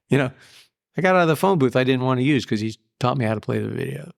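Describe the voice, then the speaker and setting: Gravelly older man telling it straight. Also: mid-range voice, animated, quick pace. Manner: blunt, profane, plain-spoken storyteller. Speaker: guest. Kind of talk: candid recovery story interview.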